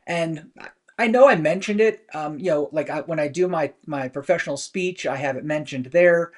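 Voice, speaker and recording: A man with a fairly high voice hosts a weekly business talk. He speaks conversationally and rambles a little, leaning on fillers as he tells stories from work. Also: moderate pace. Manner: conversational storytelling with many fillers. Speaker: host.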